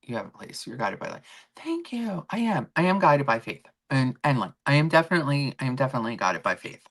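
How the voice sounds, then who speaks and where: A woman's voice: very deep voice, big pitch swings, quick pace. A middle-aged woman hosting a casual livestream, chatting in a rambling way and answering viewers' comments. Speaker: livestream host.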